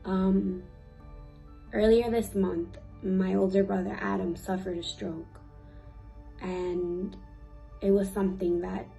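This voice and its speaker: A young woman sharing a personal faith testimony, earnest and emotional, pausing with fillers and sometimes teary. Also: medium pitch, level tone, gravelly, warm tone, soft background music, low-quality recording. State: teary at times. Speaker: youth ministry speaker.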